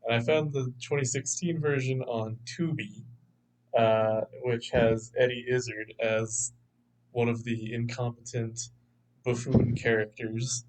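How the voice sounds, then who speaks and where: A man's voice: mid-range voice, flat delivery, a little slow, a little mellow, rough recording. A man co-hosting a film podcast, chatting casually, rambling and laughing as he talks. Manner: rambling, laughs often, acts out quotes. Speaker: podcast co-host. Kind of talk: casual chat.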